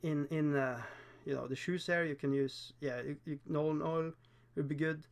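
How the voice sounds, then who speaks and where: A Norwegian-accented man hosts a relaxed livestream while he paints miniatures, and English is not his first language. His voice sits a little high and carries a rough, gravelly edge. He chats loosely and pokes fun at himself, with frequent laughs and halting fillers. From Norway. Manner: chatty, self-deprecating, laughs often, halting with fillers.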